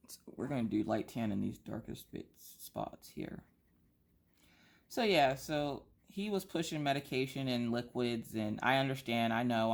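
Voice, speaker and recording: A woman with a slightly stuffy nose chats casually as she colors on camera. She vents in a lively, theatrical way and piles up one rhetorical question after another. Her tone stays easy and conversational. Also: rumbling low, gravelly. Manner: animated, exaggerated rhetorical complaining. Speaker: craft vlogger. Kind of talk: casual chat while coloring.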